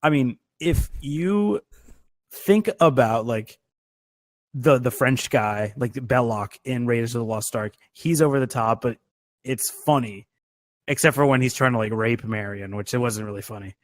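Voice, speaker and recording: A man's voice: mid-range voice, moderate pace, no room sound. Rambling, swearing male podcast co-host. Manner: rambling, filler-heavy, swears freely. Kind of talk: casual movie chat.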